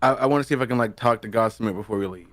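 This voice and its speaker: Fast-talking joking male player. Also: fairly low pitch, a bit bright, no room sound. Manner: joking, rambling, profane. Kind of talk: casual tabletop play.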